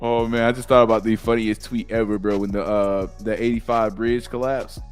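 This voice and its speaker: A man's voice: on the low side, level tone, fairly quick, faint music behind. A man co-hosting a casual chat, playful and joking, telling anecdotes. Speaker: podcast co-host.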